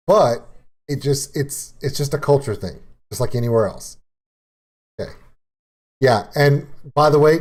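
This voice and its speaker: A mid-range, somewhat mellow male voice carrying a Cajun accent from around Lafayette, Louisiana. He talks his way through a relaxed reaction stream, laughing frequently and peppering his explanations with "okay".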